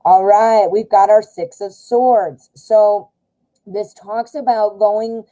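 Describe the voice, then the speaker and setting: A woman's voice: mid-range voice, steady tone, takes it slowly, mellow, low-quality recording. An American woman hosting a casual live tarot stream, chatty with lots of fillers and self-corrections.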